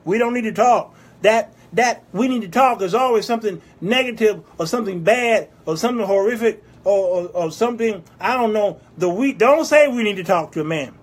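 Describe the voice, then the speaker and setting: High husky-voiced man hosting a talk show. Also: brisk. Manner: animated and teasing, with sudden loud outbursts; reads viewer comments aloud and answers them. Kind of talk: casual live-stream advice talk.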